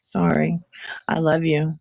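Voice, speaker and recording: A woman speaks in relaxed, casual conversation. She is blunt and frank, and she laughs at her own shortcomings. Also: low voice, slow pace, vocal fry, muffled recording. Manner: frank, blunt, self-mocking. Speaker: co-host. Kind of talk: casual chat.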